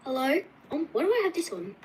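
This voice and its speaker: Woman, livestream guest, fairly high voice, hesitant reading, faint background noise. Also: big pitch swings, fast talker, poor audio. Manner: hesitant, apologetic, with fillers.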